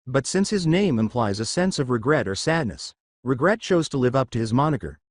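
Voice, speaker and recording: Man narrating a fan story, lively. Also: mid-range voice, a little fast, hardly any pauses, dry recording, studio quality.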